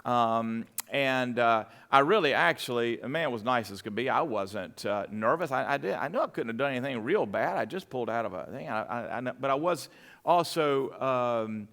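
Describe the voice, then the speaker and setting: Gravelly pastor telling a story. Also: male voice, medium pitch, expressive, moderate pace, fairly bright tone. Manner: storytelling with many restarts and fillers. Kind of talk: sermon.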